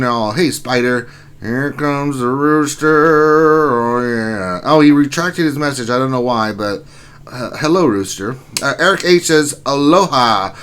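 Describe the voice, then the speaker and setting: A man's voice: mid-range voice, a bit bright. A man hosting a casual live stream, reading viewer messages aloud and greeting each one by name, with a sore back and allergies. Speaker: stream host reading chat.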